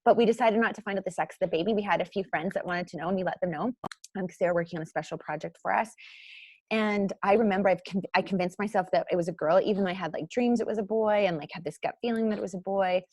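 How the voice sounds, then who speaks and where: Woman, 30s, podcast guest, casual storytelling, frequent fillers, animated quoting, dry room. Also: fast, no echo. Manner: animated when acting out quotes, jumps high and loud. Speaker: podcast guest, author and mother. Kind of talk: candid conversational storytelling.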